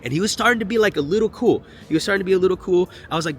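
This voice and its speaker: A young man telling a storytime vlog in an animated, slangy and profane way. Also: fairly high pitch, racing, hardly any pauses, a little hiss or hum. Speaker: vlogger.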